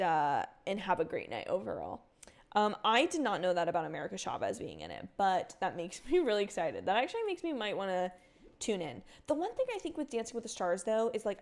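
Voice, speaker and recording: A young woman streaming a cozy video game, chatting casually with her viewers, rambling with lots of fillers and breaking into excited outbursts. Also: mid-range voice. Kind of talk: casual livestream chat while gaming.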